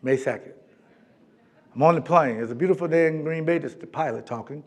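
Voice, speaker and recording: A man's voice: on the high side, fairly quick. A middle-aged man from Florida, a keynote speaker telling a comic story to a live audience and acting out voices as he goes. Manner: animated, comic, acts out voices in his anecdotes. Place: large event hall.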